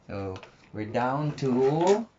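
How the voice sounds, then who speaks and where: In a casual home video, a father patiently coaxes his toddler, repeating simple questions over and over. His mid-range voice is sing-song with drawn-out words, and the muffled recording carries a faint hiss.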